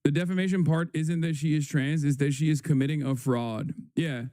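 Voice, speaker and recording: Sarcastic male streamer, warm and dry. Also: a little high, fairly even intonation, no echo. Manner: rambling, sarcastic, crude, quick asides. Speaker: livestream host. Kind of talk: casual news commentary.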